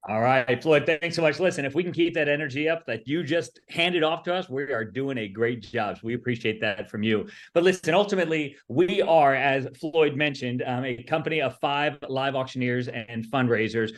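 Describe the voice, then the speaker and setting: A man's voice: medium pitch, normal speed, hardly any pauses. A man who works as an auctioneer and fundraising consultant, giving an upbeat, confident webinar presentation over a video call. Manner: upbeat, confident sales-style delivery.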